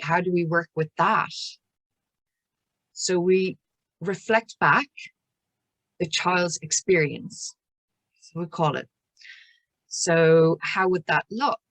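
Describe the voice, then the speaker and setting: Irish lady counsellor, lower voice, explains stuff and acts out little bits, dry sound. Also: fairly bright tone, no echo. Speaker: child and adolescent counsellor. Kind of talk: interview guest explaining.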